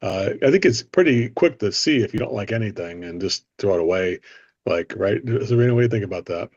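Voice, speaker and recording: A man's voice: fairly low pitch, expressive, a little fast, darkish tone, slightly rough, no echo, lo-fi sound. A man hosting a sales training discussion, coaching and drawing others in with questions. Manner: coaching, asks others for their views. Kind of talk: casual group discussion.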